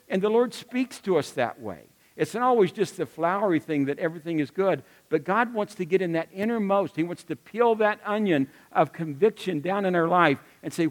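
A man with a high-pitched voice preaches to his congregation. He delivers the sermon in a folksy way, with joking asides and earnest appeals. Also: animated, normal speed, few pauses. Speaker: pastor.

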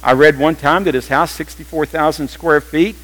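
An older man preaching a sermon in a church, animated and humorous, slipping into playful quoted voices. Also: a little high, moderate pace, rough recording. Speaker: pastor.

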